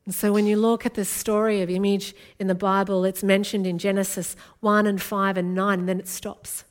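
A woman's voice: mid-range voice, little pitch movement, moderate pace. A woman, from Australia, preaching an earnest and intimate sermon as a guest speaker.

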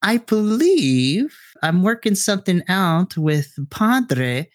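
A woman's voice: mid-range voice, big pitch swings, slow, no echo, clean studio sound, pitched above the performer's own voice. A man voicing a doting, chatty middle-aged Mexican mother who fusses over her son and his friends. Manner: fussy, sprinkles Spanish endearments. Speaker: troop member's mother.

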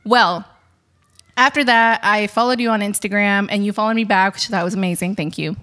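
A young woman chatting casually as a podcast host, animated and giggly, acting out quotes with big jumps in her voice. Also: mid-range voice, a little fast. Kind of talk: casual storytelling chat.

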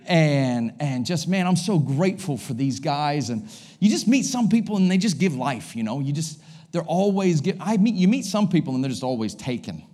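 A man in his forties with an American accent, preaching a sermon as a guest pastor to a church congregation, energetic and joking with frequent exclamations. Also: fairly high pitch, moderate pace. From United States. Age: 40s. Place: church service.

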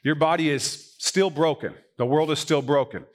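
A man who is a pastor preaching a sermon in a church, swinging from emphatic high points to quiet asides. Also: moderate pace. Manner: animated, rising to emphatic peaks and dropping to quiet asides. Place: church sanctuary.

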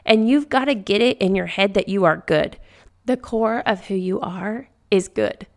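A woman hosting a faith-based podcast, talking gently and reassuringly, repeating her key phrases. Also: mid-range voice, moderate pace. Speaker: podcast host. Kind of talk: faith-based encouragement talk.

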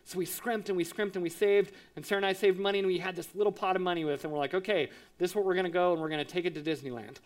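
A man in his thirties, a pastor, telling a lively personal story in a sermon, acting out voices and sound effects. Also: sits high, rapid-fire, few pauses. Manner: animated, acts out quotes with sound effects.

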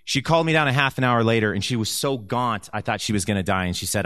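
A man sharing a personal testimony with a church audience, telling the story with lively energy and acting out the lines of the people in it. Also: on the low side, quick pace, no room sound. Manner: animated storyteller who acts out quoted speech.

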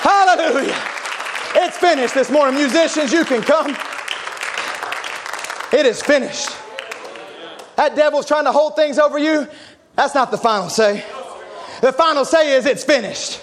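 High-voiced man preaching a fiery sermon. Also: a little slow, pauses often, crowd noise. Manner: impassioned, shouting in rising climaxes. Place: church.

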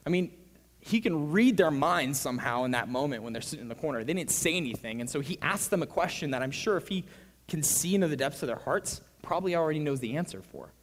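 A young man preaching a sermon, telling a story with bursts of excitement and hushed, quiet stretches. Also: on the high side, quick pace. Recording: long reverb of a large hall.

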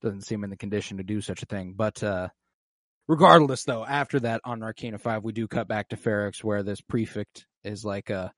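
A man co-hosting a casual podcast, recapping a TV episode and acting out lines with animated, profane commentary. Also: fairly low pitch, normal speed, dry recording, clean studio sound. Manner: animated, swearing, acts out quoted lines. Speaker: podcast co-host.

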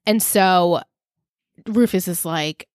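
A woman co-hosting a podcast, recapping a TV show in a lively casual chat, laughing and swearing freely. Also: on the low side, slow, dry recording, clean studio sound. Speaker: podcast co-host.

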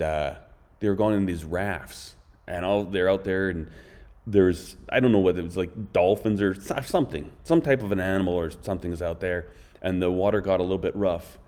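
Casual male host, low and mellow, rambles through opinionated anecdotes. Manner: rambling, blunt, opinionated, fond of mocking impressions. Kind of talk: casual storytelling chat.

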